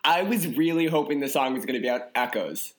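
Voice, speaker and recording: A man with an expressive, mid-range voice co-hosts a podcast, chatting casually and comedically. He's playful and goofy, riffing and drawing his words out.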